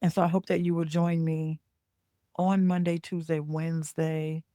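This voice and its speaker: A woman's voice: deep voice, little pitch movement, normal speed, warm tone, no room sound, studio quality. A woman hosting a podcast as a business coach. She talks in a chatty, casual way, checks in with listeners with a frequent "okay?", and corrects herself mid-sentence. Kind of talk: casual talk.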